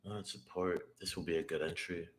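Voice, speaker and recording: A man's voice: deep voice, fairly even intonation, a little fast. A man streaming his day trading, talking to himself, swearing and second-guessing every move. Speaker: day trader streaming live. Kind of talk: live trading stream, thinking aloud. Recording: roomy echo, faint background noise.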